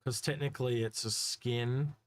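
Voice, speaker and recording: A man's voice: mid-range voice, steady tone. Male co-host, casual chat, stop-start delivery with plenty of fillers. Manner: halting, many restarts and fillers. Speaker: co-host reading chat questions.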